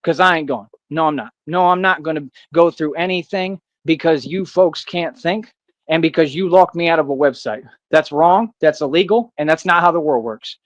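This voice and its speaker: A man's voice: fairly high pitch, normal speed, dry recording, highs cut off. An American man in a ranting monologue, defiant and boastful, confronting his critics and repeating himself as a self-styled vigilante. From United States.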